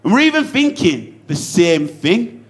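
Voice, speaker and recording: A young Yorkshire-accented man doing stand-up on stage, his voice sitting a bit higher than most men's. He swings his pitch all over the place while telling rambling, sweary anecdotes packed with asides. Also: big pitch swings, unhurried. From Yorkshire, England. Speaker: stand-up comedian. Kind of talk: stand-up comedy set. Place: comedy stage.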